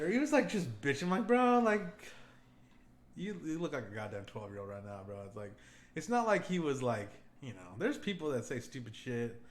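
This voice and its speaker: A man's voice: mid-range voice, very animated, normal speed. Profane, rambling young man on a podcast. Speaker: podcast co-host. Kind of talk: casual podcast chat. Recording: echoey room, faint ambience.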